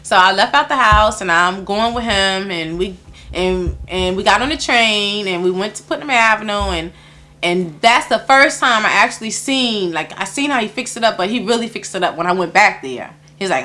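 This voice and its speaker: A woman's voice: medium pitch, lively intonation, normal speed, sharp tone. A woman tells personal stories in an interview. She laughs often and acts out the voices of the people she quotes. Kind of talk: personal storytelling.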